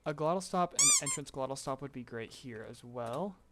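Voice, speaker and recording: A man explaining vocal tuning in a relaxed live-stream tutorial, chatting and laughing with his chat between explanations. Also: mid-range voice, moderate pace, heavy background noise. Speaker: streamer teaching voicebank tuning.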